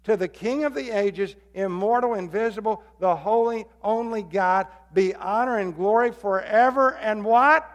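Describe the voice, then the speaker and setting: A man preaching a sermon as pastor, swinging between loud emphatic calls and low hushed appeals. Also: moderate pace, hardly any pauses. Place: church sanctuary. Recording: long hall reverb.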